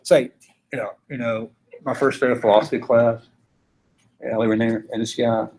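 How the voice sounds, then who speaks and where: A man's voice: medium pitch, little pitch movement, normal speed, a little mellow, a little hiss or hum. Southern man lecturing a class. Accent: Southern US, Georgia. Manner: conversational, peppered with rhetorical "right?" checks. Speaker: philosophy teacher.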